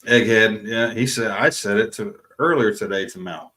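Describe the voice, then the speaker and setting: Bright-voiced middle-aged man chatting on a live stream. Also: fairly low pitch, normal speed. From Florida. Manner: relaxed, swears freely, laughs often. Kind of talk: casual live-stream chat reading viewer comments.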